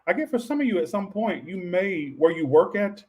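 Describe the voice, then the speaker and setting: A man's voice: high voice, very animated, moderate pace, a little mellow. Rambling, profane man doing a tarot reading. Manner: rambling, offhand and profane, talking to viewers and chat. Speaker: tarot reader. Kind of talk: casual tarot reading to viewers.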